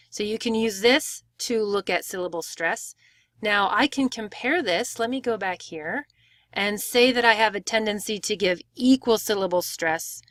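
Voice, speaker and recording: Clear woman teaching pronunciation. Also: medium pitch, fairly bright tone, no echo, clean studio sound. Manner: clear, step-by-step explaining with demonstrated words. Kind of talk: screen-share tutorial.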